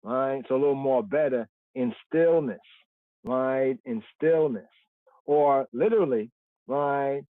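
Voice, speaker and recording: A Bible study teacher leads a livestream scripture study in a mid-range voice, speaking slowly. His delivery is explanatory; he repeats words and often asks "right?" The sound is dry and tinny, like a phone line.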